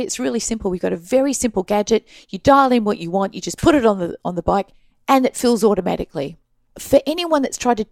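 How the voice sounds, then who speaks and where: Australian woman, gravelly edges, dry close sound, lively storyteller, casual interview. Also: on the high side, no room sound. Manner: animated storyteller, laughs often, acts out quoted voices. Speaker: guest.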